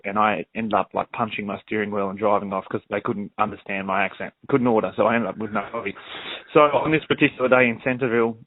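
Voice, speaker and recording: A man with an Australian accent, a guest musician telling relaxed, joking stories in a casual interview. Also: lowish voice, dry recording. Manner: chatty storyteller, relaxed and joking. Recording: dry, tinny phone-like line.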